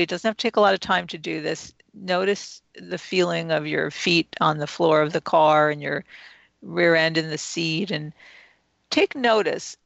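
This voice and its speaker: A woman, an author and interview guest, calmly explaining self-help steps and guiding the listener through them one by one. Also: lowish voice, creaky, no room sound. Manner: calm, instructive, walks the listener through steps. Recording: dull, lo-fi and dry.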